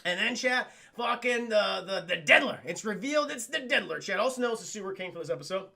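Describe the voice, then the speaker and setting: A man casually recapping a cartoon episode for his live chat, animated, profane and laughing often. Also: high voice, fast, gravelly.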